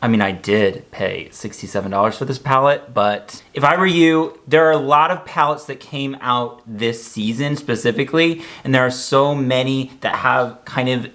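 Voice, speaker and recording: A man's voice: medium pitch, normal speed, hardly any pauses, a bit bright. A young man casually reviewing makeup in a chatty, campy vlog with joking asides.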